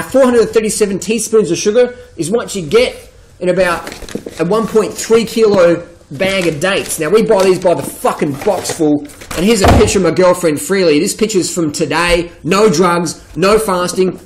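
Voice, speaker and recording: Brief: man with a high voice, swearing, hard-selling vlog rant. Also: rough recording. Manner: blunt, swearing, emphatic, mocking quoted voices. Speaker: vegan fitness vlogger. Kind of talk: profane rant to camera.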